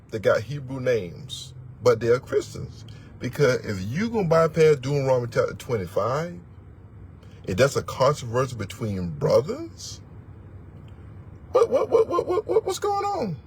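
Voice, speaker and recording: A man's voice: on the high side, a little hiss or hum. A man teaching as a religious elder, preaching in a blunt, profane, emphatic way and repeating words for force. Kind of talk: fiery sermon-style teaching.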